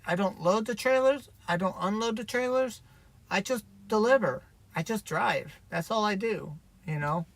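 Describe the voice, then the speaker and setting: A man's voice: high voice, pushed and bright, poor audio. A man, a truck driver, chatting candidly on a livestream and telling a story in a rambling way. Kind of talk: livestream chat.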